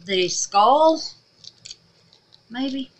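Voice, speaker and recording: A woman chatting to her viewers while making resin crafts, often trailing off into quiet muttered asides. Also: high-pitched, lively intonation, drawn-out words, a little hiss or hum. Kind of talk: casual crafting vlog.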